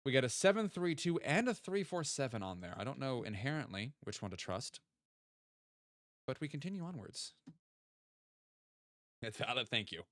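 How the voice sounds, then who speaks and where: A man's voice: medium pitch, big pitch swings, moderate pace, pauses often, fairly bright tone, no echo, studio quality. A young man casually thinking aloud and joking while streaming a geography guessing game. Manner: chatty, thinks aloud, jokey asides. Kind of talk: casual gaming stream chat.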